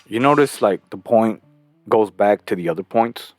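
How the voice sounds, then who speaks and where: Brief: man, deep-ish voice, loose profane commentary, quiet music underneath. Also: lively intonation, moderate pace. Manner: rambling, profane, chuckling often. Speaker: host reacting to a clip. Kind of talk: casual commentary.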